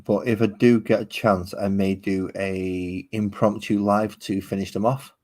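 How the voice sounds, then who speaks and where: A man's voice: fairly low pitch, little pitch movement, a little slow, darkish tone. A man streaming himself painting miniatures at his home hobby desk, rambling casually to his chat viewers.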